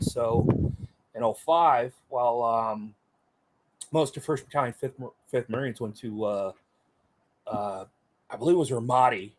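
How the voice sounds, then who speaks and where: A middle-aged veteran guest speaks in a medium-pitched, darkish, plain everyday voice. Chatty and rambling, he tells stories casually in an interview, using many fillers and voicing others in quotes.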